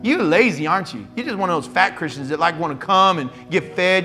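A middle-aged pastor preaching in a church, his voice sitting notably high for a man. He teases and scolds his congregation in a lively, playful way, with faint music playing under his words. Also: fairly quick, few pauses. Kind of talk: sermon.

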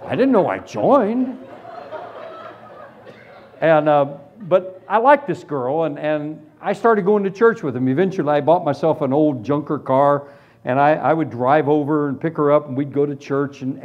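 A man preaching a humorous sermon testimony, telling his story in an animated, self-deprecating way. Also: on the high side, normal speed. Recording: dull lo-fi recording.

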